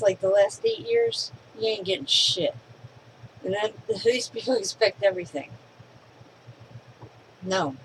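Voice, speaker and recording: A woman's voice: medium pitch, slight background noise, poor audio. A woman, talking casually and opinionatedly to camera at home. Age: 50s. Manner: chatty, rambling, opinionated. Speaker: vlogger.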